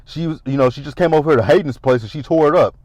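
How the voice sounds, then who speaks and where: A man's voice: fairly high pitch, very fast, a little mellow, no echo, highs cut off, pitched above the performer's own voice, close to an everyday voice. A man voicing an evasive man who stammers when he is caught in a lie. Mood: tattling.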